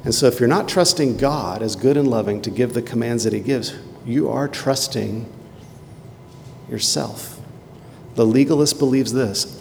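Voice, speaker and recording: A man preaching a sermon in a conversational way, with quick asides and emphatic rhetorical questions. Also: mid-range voice, creaky, darkish tone, slight background noise. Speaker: pastor. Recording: long hall reverb.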